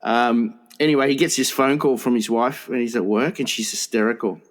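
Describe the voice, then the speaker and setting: A man's voice: medium pitch, a little fast. A man co-hosting a comedy podcast, telling a rambling, sweary story and laughing as he goes. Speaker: podcast co-host. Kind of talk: casual storytelling.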